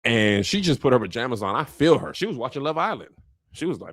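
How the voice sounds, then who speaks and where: A man's voice: medium pitch, fast, slightly rough, no echo. Man doing a funny tv recap, voice bouncing all over, tight dry studio mic, keeps slipping into the characters' voices. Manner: animated storyteller, acts out characters in slangy voices. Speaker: show recap host. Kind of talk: comedic TV recap commentary. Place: podcast studio.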